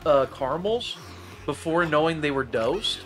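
A man's voice: a little high, animated, a little slow. A man live-streaming a fighting game, talking to his chat in casual slang, cursing and calling people bro. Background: game music.

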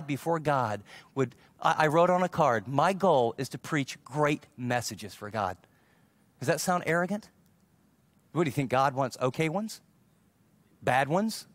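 A man's voice: fairly high pitch, no room sound. Storytelling male pastor, dry close sound. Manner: animated storyteller acting out quoted dialogue. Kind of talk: sermon storytelling.

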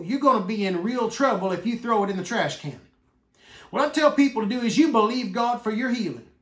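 High-voiced emphatic man preaching. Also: a bit bright, echoey room. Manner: emphatic, drawing out key words slowly. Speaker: minister. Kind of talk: sermon.

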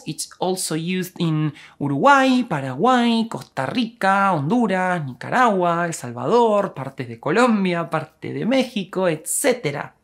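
A woman from Argentina with an Argentinian accent, teaching a language lesson and explaining clearly with Spanish examples. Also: medium pitch.

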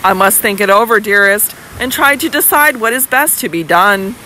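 A woman's voice: medium pitch, expressive, moderate pace, bright, forceful tone, a little hiss or hum, poor audio. A woman voicing a doting older male baronet, fond and reassuring, sometimes blustering, read close to her own voice. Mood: troubled.

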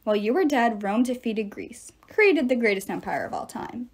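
A woman's voice: on the high side, lively intonation, normal speed. A woman voicing a teenage boy hero, urgent and defiant.

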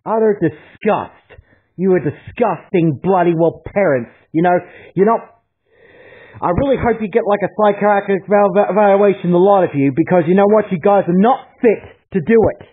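A man's voice: high voice, moderate pace, slightly rough. Angry man on tinny audio. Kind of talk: angry rant addressed to others.

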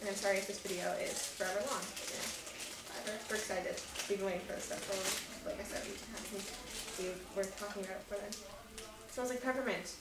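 A young woman talks casually and rambles, giggling often between thoughts. Her voice sits at a middle pitch and sounds a little distant from the mic. The room adds a noticeable echo, and steady background noise runs under her voice. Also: quick pace. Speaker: vlogger. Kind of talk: casual haul chat. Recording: echoey room from far off with noise.

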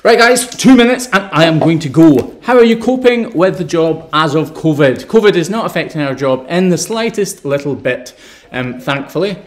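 A man's voice: a little high, lively intonation, moderate pace. A Scottish man hosting a live stream, reading out viewer questions and answering them in an upbeat, chatty way. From Scotland.

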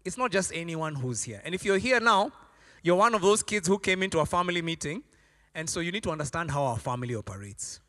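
A man's voice: on the high side, big pitch swings, quick pace, sharp tone, long reverb tail. A man preaching a sermon as a pastor, telling stories animatedly and acting out voices.

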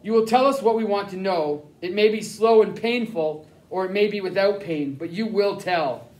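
A stern, cold German-speaking officer in an audiobook, clipped and crisp with quiet menace, as a man reads him. The voice sits high, and the room around it is echoey. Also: moderate pace, close to an everyday voice. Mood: menacing. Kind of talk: audiobook character reading.

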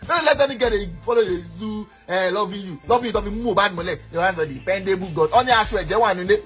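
A man with a Nigerian accent, mixing Pidgin and Yoruba, ranting loudly and boastfully, now and then shouting or slipping into a sing-song. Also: high voice, fast talker, soft background music. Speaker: eyewitness in a played clip. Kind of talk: heated rant.

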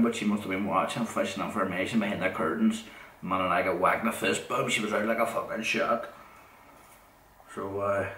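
Recorded from a distance in an echoey room with a little noise, a Northern Irish podcast host from Derry, middle-aged, spins out a lengthy, wandering tale. His voice is low and flat, and he curses plainly and goes over the same points again.

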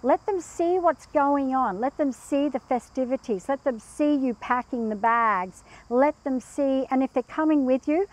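A woman chatting as a pet behaviour guest, telling animated anecdotes and acting out the quotes in them. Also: high voice, measured pace, hardly any pauses, low-quality recording. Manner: animated storyteller who acts out quotes. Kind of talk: casual chat with anecdotes.

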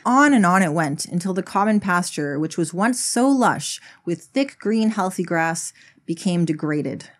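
A woman's voice: lowish voice, lively intonation, measured pace. A woman narrating an explanatory video essay, telling a story in a wry, conversational way.

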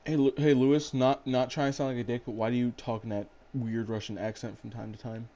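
A man's voice: medium pitch, steady tone, fairly quick, dark tone, slight background noise. A man hosting casual gameplay chat, rambling in a laid-back way and swearing casually. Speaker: gaming channel host.

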